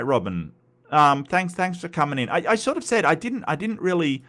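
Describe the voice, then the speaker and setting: A man's voice: on the high side, big pitch swings, moderate pace, a bit bright. A man with an Australian accent hosting a live stream, chatting casually and reading chat comments, rambling with frequent stutters and restarts.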